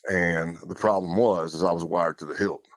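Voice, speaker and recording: A man's voice: low-pitched, steady tone, normal speed, no echo. A man talking as a podcast guest, telling his story in a plainspoken, loose way with casual fillers. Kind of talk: conversational storytelling.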